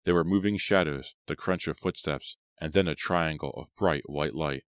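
Male audiobook reader, horror story, extremely deep voice, steady and measured, dry close sound. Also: clean tone, dry recording. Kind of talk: scripted horror audiobook narration.

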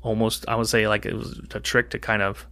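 Bright, animated man in casual podcast chat, rambling storyteller. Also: fairly low pitch, brisk. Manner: rambling, animated, acts out quoted dialogue. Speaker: podcast co-host.

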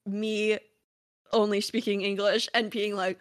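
A woman's voice: a little high, expressive, normal speed, a bit bright, no echo, studio quality. Chatty, laughing woman host. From United States. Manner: chatty, laughs often, many fillers. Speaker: podcast host. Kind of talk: casual interview chat.

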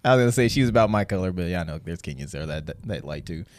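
A man's voice: low voice, lively intonation, racing. A man co-hosting a podcast, telling a story in casual chat with lots of "like" and laughs. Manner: laughing storyteller, many fillers. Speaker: podcast co-host.

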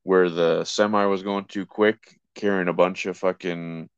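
Podcast co-host, a man with a low, smooth voice, laid-back and blunt, recorded dry and close. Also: fairly even intonation, unhurried, no echo. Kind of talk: casual podcast chat. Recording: slightly dull, lo-fi sound.

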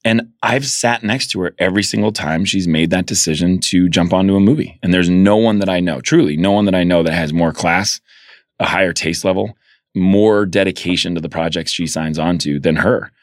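Man, very low voice, animated storyteller, acts out quotes, dry studio sound. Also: fairly quick, no echo. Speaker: guest filmmaker. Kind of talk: casual interview storytelling.

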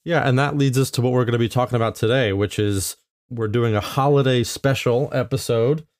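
A man co-hosting a podcast, speaking casually with dry, teasing, deadpan humor. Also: mid-range voice, brisk, dry recording. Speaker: podcast co-host.

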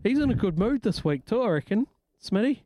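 Jokey New radio host, dry studio. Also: male voice, high-pitched, sing-song, brisk, mellow, no echo. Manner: jokey, rambling, laughs often. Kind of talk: casual breakfast radio banter.

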